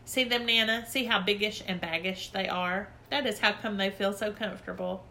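Storybook bit: woman voicing a chatty, excitable little girl with a bright voice. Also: mid-range voice, normal speed, slight background noise. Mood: eager. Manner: eager, plain-spoken. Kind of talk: storybook reading.

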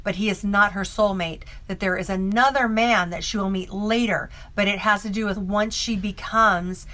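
A woman's voice: medium pitch, steady tone, normal speed, a bit bright. A woman telling a story about a psychic reading in a casual, rambling way, full of fillers and restarts. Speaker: psychic medium.

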